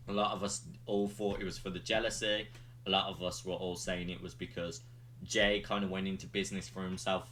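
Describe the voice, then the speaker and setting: A man's voice: fairly low pitch, a bit bright, a little hiss or hum. A man hosting a podcast, giving a rambling play-by-play recap full of ums and likes. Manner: rambling play-by-play retelling with fillers. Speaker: podcast host reviewing wrestling. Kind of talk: casual recap.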